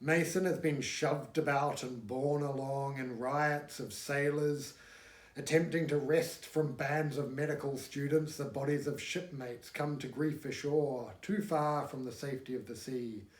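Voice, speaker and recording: A man reading a novel aloud in a measured, wry narrating voice, recorded at home. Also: mid-range voice. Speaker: audiobook reader. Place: home room. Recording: echoey room.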